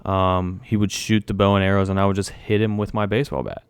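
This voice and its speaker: Brief: young male host, low smooth voice, jokey announcer delivery. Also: level tone, quick pace, dry recording. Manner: mock-announcer, joking threats. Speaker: podcast host. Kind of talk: casual podcast chat.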